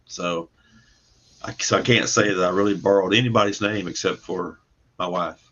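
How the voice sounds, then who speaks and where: A man's voice: deep voice, steady tone, moderate pace, a bit bright. A man, a comic book creator, talking about his work in a casual livestream interview, rambling and repeating words in an easygoing way. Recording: muffled lo-fi stream audio.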